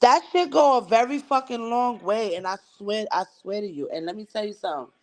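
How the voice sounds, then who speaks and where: A woman's voice: mid-range voice, fairly quick. A woman hosting a livestream, talking bluntly and emphatically and swearing heavily. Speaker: livestream host. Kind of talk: casual chat.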